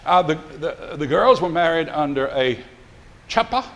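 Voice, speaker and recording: A man's voice: fairly high pitch, animated, normal speed, fairly bright tone. An older male pastor telling a folksy, rambling story in a sermon, with many fillers and restarts.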